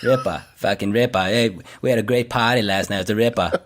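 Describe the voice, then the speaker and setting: A man's voice: lowish voice, fast, fairly bright tone. A man co-hosting a podcast in casual chat, loose and jokey, laughing often as he reads through a list. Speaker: podcast co-host.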